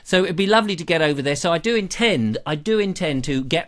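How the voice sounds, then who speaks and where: A man's voice: fairly high pitch, animated, fast talker. An English man hosting a live online show from a back room at home, chatting casually and rambling through jokey stories and viewer comments. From England. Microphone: camera.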